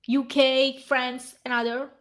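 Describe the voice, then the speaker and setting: High-pitched woman ranting angrily. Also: little pitch movement, takes it slowly, fairly bright tone. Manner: heated, profane, ranting while reading aloud. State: hoarse. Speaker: vlogger. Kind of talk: angry reaction rant.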